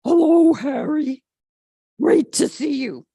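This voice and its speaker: A woman puts on an eager male family dog who cannot resist cake and dirt. He speaks loudly, stretching his longing words over a lively, swooping pitch. The dry, close sound fits a storybook read-aloud. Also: takes it slowly, vocal fry, breathy edge, no room sound, heavily acted. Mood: cheerful.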